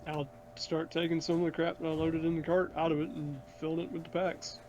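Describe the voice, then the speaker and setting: A man taking part in an online tabletop game, speaking in a laid-back, offhand manner. His voice sits a touch higher than usual for a man, with a faint hiss of noise behind it. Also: little pitch movement, fairly quick, darkish tone. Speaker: player. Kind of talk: casual tabletop play chat.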